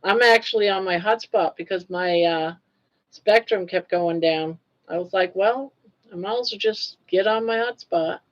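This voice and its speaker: An older woman hosting a casual live stream, chatty and teasing, laughing often. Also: normal speed. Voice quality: froggy, low-pitched singing voice by her own account. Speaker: livestream host. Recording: dull lo-fi stream audio.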